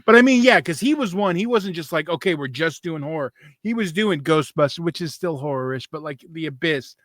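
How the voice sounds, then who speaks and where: A man's voice: on the high side, brisk, a bit bright, dry recording, studio quality. A man co-hosting a horror podcast, musing aloud in casual chat with frequent hedges. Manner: musing, hedging. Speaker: podcast co-host.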